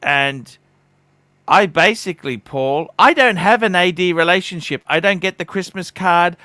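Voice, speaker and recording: A man's voice: high voice, a little slow, pushed and bright, dry recording. A man hosting a casual livestream chat, talking bluntly and swearing freely. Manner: blunt, swearing, mimics others in quotes. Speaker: livestream host.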